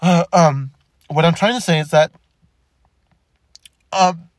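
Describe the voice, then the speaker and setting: A young man talking candidly in a halting way, with many stammered restarts. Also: a little high, no echo, clean studio sound. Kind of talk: personal reflective monologue.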